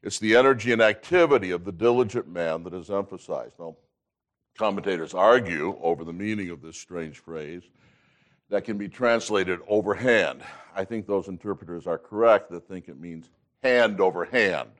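Deep-voiced older man teaching Bible. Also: moderate pace. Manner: emphatic, reads scripture aloud, clears throat often.

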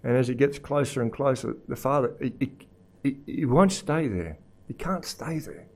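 A man preaching a sermon, moving between hushed, low passages and raised, fervent emphasis, often repeating words as he goes. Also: moderate pace. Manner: repeats words while searching for the next phrase.

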